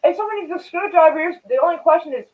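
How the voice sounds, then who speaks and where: A man hosting a stream, chatting casually with a caller in a blunt, profane way with quick banter. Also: very high-pitched. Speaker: streamer host. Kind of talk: casual chat. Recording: tinny phone-like sound.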